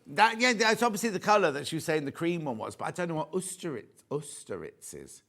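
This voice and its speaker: A man's voice: on the high side, sing-song, a little fast, a bit bright. An English man presenting a live shopping show, chatting jokily, reading out viewer messages and showing fabrics. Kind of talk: live home shopping chat. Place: TV studio.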